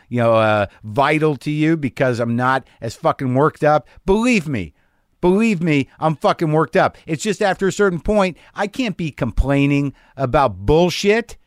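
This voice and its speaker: A man's voice: mid-range voice, no echo, studio quality. A middle-aged man hosting a podcast from his home garage, delivering a casual comic monologue in a wry, self-deprecating, ranting way. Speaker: podcast host.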